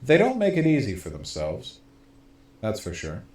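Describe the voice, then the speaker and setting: Sardonic low-voiced male streamer, roomy sound. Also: wildly swooping pitch, moderate pace, darkish tone. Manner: rambling, sardonic, many fillers. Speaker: political streamer. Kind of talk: live stream commentary.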